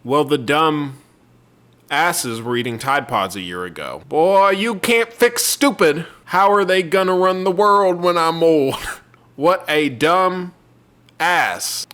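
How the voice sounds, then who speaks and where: Man doing a southern redneck commenter, scornful, shouting, high and bright, slow drawl, faint music behind. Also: expressive. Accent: Southern US, put on. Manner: shouting, drawn-out, mocking.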